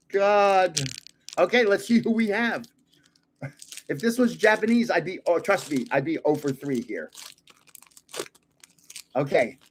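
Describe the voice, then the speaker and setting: A man's voice: high-pitched, slight background noise. An older man hosting a card-opening video, chatting and rambling into funny stories that make him laugh. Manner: rambling, chatty storyteller who laughs at his own jokes. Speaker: card collector channel host. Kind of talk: casual chat while opening cards.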